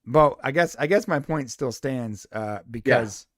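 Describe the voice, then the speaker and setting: A man's voice: medium pitch, lively intonation, measured pace, fairly bright tone, no room sound, clean studio sound. A man co-hosting a casual podcast chat, playful and rambling, laughing often. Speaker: podcast co-host.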